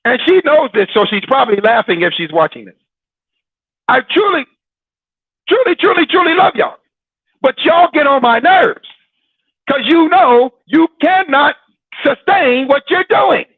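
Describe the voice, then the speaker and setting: A man's voice: very high voice, expressive, measured pace, pauses often, no room sound. Male Christian show host, teasing preacher delivery; dry, tinny phone-quality recording. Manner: teasing and preachy, laughing often, with dramatic repetition. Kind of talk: sermon-like casual talk.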